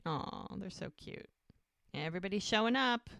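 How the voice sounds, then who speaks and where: A woman's voice: medium pitch, expressive, normal speed, a bit bright, no echo, studio quality. A woman co-hosting a podcast, casually recapping a scene and acting out the characters' lines. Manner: retells scenes, acting out dialogue. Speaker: podcast co-host.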